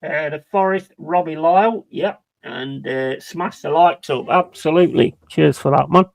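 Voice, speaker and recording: A man's voice: on the high side, normal speed, gravelly, dry recording. A man doing live watch-along commentary of a football match, ranting, swearing heavily and chatting to his viewers. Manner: heavy swearing, ranting and frustrated; banters with chat and gives shout-outs.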